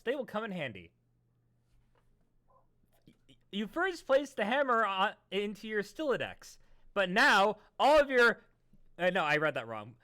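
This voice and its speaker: A man chatting casually and reading a webcomic aloud, often bursting into loud theatrical readings. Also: high voice. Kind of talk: casual chat and comic read-along.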